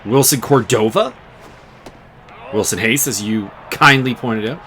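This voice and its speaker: A man giving casual play-by-play commentary on a baseball game he is playing, chatty and quick to laugh. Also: medium pitch, bright, forceful tone, slight background noise. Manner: chatty, laughs often, muses over player names. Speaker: game streamer commentating his baseball season.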